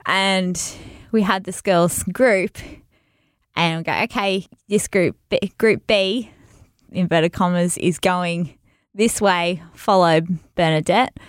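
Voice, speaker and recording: A woman chatting casually on a podcast, telling a story in an animated way, laughing often and acting out what people said. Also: on the low side, takes it slowly, dry recording, studio quality. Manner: animated, laughs often, acts out quoted voices.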